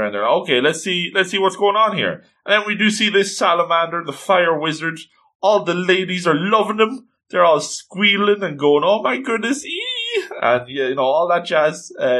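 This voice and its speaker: A playful man recapping an episode of a cartoon, chatty and full of asides. His voice is bright, and his pitch leaps around a lot. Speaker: anime recap host.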